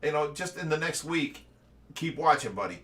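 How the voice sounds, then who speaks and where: Heard through a distant mic, the Ohio show host speaks on the high side at normal speed. He's animated on his casual live stream, spinning stories and breaking into laughter frequently.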